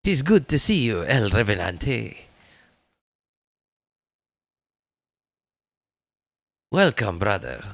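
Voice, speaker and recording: A man putting on a hammy, mock-Russian voice to deliver a slow, grave greeting. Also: fairly low pitch, big pitch swings, dry recording. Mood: mock-solemn.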